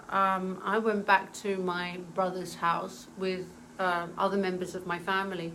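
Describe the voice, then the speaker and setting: A woman in her forties telling a personal story in an earnest, emotional way, pausing often with fillers. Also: on the low side, little pitch movement, sharp tone, a little hiss or hum, rough recording.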